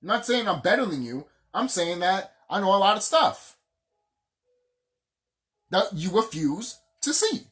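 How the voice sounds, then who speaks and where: Profane vlogger ranting with swinging pitch. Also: very animated, a little slow, pauses often, a bit bright. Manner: profane, heated and emphatic, repeats phrases for stress. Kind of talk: casual unscripted rant.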